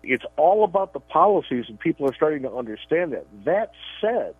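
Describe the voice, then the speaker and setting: This co-host of a political radio show, who is also a columnist, has a slightly rough, a little high voice with a sing-song lilt and a somewhat fast pace. He speaks emphatically, often repeating words as he starts sentences, over a tinny, dry phone line.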